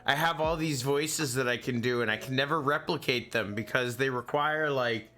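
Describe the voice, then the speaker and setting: A man's voice: medium pitch, normal speed, faint music behind. Hyped, foul-mouthed stream host man. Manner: excitable, swears casually, laughs often. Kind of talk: casual chat on a game stream.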